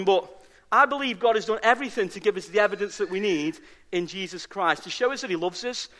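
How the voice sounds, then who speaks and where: A man's voice: sits high, sharp tone. A man preaching a sermon as pastor, emphatic and fond of repeating key phrases for stress. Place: church service.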